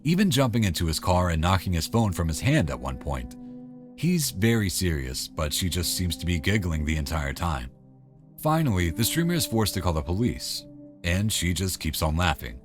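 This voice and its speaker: Deep-voiced wry male narrator. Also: very animated, moderate pace, over music. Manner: wry, conversational. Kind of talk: scripted narration.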